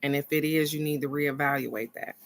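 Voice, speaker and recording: A middle-aged woman giving a casual motivational talk, animated and earnest, moving between excited bursts and soft encouragement. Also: deep voice, brisk. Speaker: spiritual card reader and vlog host.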